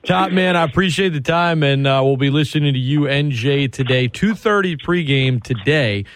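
Wisecracking radio host. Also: male voice, mid-range voice, normal speed, no echo. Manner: wisecracking, teasing. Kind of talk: sports talk radio.

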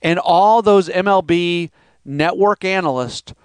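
A man's voice: high voice, measured pace, smooth, dry recording. A man hosting a sports podcast, talking alone in a rambling, conversational way and now and then mimicking critics' voices. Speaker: podcast host. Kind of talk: solo sports podcast monologue.

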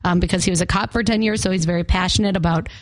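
A young woman from Arizona co-hosts a morning radio show, talking at a racing pace in a lowish, steady voice with no echo. Chatty and quick to laugh, she covers concerts and travel and is a country music fan.

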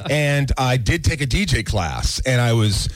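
A man from Indiana, a guest on a morning radio show, telling stories in a playful, lively way. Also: medium pitch, a little slow, dry recording. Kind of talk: casual radio chat. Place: radio studio.

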